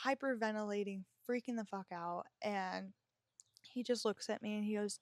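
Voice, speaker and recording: A woman's voice: mid-range voice, steady tone, normal speed, no echo, clean studio sound. A young woman hosting a podcast, telling a personal story in a frank, emotional way, swearing freely and using lots of fillers. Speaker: podcast host.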